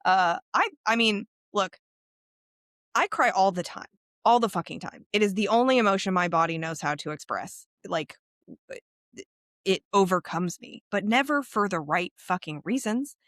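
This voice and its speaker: A podcast co-host chats casually, laughing a lot, speaking candidly and swearing without restraint. Her mid-range voice is expressive and fairly bright, at a normal speed, captured in a clean studio recording with no room sound.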